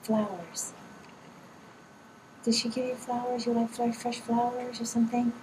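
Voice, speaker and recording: A woman's voice: fairly high pitch, flat delivery, a little slow. Emotional woman medium, heard from afar. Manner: emotional, drops often to a breathy whisper. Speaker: spiritual medium. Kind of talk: live channeling reading at an event. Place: event room with an audience. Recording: distant mic with clear room noise.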